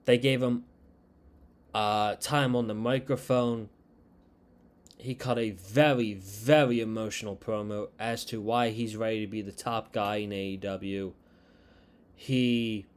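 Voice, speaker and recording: Slow-talking man recapping wrestling. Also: fairly low pitch, fairly even intonation, clear, resonant tone. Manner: slow, unhurried retelling with quoted dialogue. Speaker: wrestling show reviewer. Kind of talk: casual recap.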